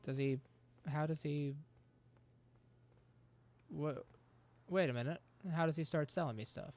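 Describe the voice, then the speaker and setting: A man's voice: a little high, measured pace. A man giving casual gameplay commentary, chatty and laughing often, talking back at the game. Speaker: gameplay streamer.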